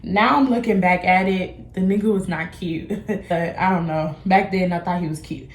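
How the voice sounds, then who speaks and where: A woman's voice: on the low side, fairly even intonation, normal speed, reverberant, a little hiss or hum. A young adult woman vlogger, telling a casual storytime in a candid, slangy way and acting out the people she quotes. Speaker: beauty vlogger.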